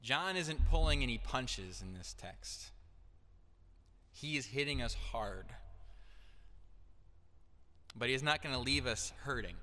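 Bright-voiced young man preaching in a hall. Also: mid-range voice, expressive, takes it slowly, long pauses. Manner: earnest, direct, building to emphatic declarations. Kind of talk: sermon. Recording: echoey hall.

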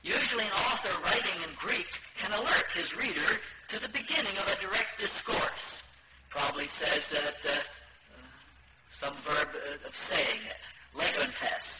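A man giving a scholarly lecture on translation, speaking in a measured way with shifting emphasis. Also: sits high, animated, reverberant, heavy background noise.

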